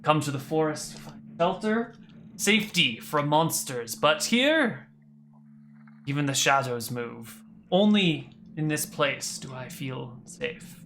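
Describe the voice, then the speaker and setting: A game master voicing a refined, haughty young male prince who speaks slow, broken common. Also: mid-range voice, big pitch swings, a bit bright, a little hiss or hum, voice pushed up. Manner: halting broken grammar, formal and slow.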